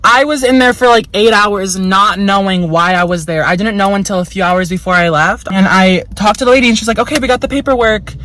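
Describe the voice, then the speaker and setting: A woman's voice: mid-range voice, brisk, few pauses, fairly bright tone, slight background noise, low-quality recording. A young woman telling a story in a casual vlog. She is chatty and frank, swears a lot, fills her speech with "like", and slips into voices when she quotes people. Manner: chatty and frank, heavy swearing and lots of "like" fillers. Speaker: vlogger.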